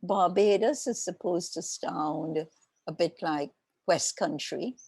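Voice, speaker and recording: An older woman with a Trinidadian accent talks in a slow, reflective storytelling way as an interview guest. Her voice is gravelly and a little husky. The sound is dry and close, with almost no room echo. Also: fairly low pitch, a little mellow. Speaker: author guest. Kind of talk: conversational interview.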